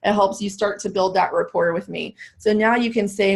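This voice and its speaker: A woman's voice: medium pitch, moderate pace, vocal fry, hardly any pauses. A woman sales trainer coaching a live role-play webinar, upbeat and laughing often as she acts out both sides of a call.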